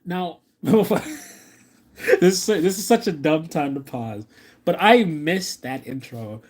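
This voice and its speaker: A man streaming a reaction, rambling and excitable, talking to his chat and restarting his sentences often. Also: on the high side, slow, a little hiss or hum. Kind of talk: live stream reaction commentary.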